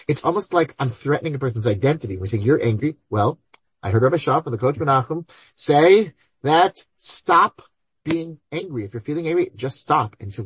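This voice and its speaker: A man answering listeners' questions on ethics, animated, acting out imagined voices and mixing in Hebrew and Yiddish terms. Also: medium pitch, brisk, slightly rough, no room sound, poor audio. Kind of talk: Q&A talk on Torah ethics.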